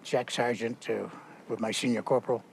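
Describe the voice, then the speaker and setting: An older man, a war veteran, recounting his memories outdoors in a halting way, with many fillers and restarts. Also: mid-range voice, steady tone, vocal fry, slight background noise.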